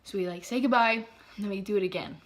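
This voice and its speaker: A teenage girl telling a story casually, full of "like" fillers, often dropping to a hushed whisper. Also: mid-range voice, quick pace, heavy background noise. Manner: filler-heavy, breathless, drops to hushed whispers. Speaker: vlogger.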